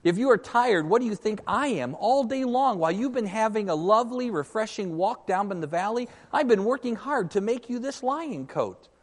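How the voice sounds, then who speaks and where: A man's voice: high-pitched, expressive, moderate pace, hardly any pauses, long reverb tail, voice pushed up. A man voicing a sly, scheming male ape from a storybook, pleading and guilt-tripping in a whiny, overly sweet way. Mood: whining.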